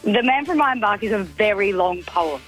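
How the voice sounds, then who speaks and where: A woman's voice: mid-range voice, expressive, normal speed, faint music behind, rough recording. An Australian woman, a mother called live on a radio show, flustered and laughing it off. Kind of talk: phone call to a radio show.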